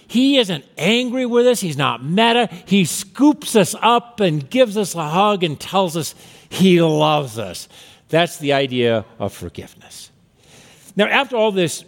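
A man preaching a sermon as pastor, telling stories and rising to emphatic peaks. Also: fairly high pitch. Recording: hall reverb.

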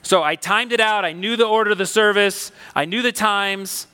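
A man preaching a sermon, telling a personal story in a conversational, animated, emphatic way. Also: sits high, moderate pace, clean tone, long reverb tail. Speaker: pastor.

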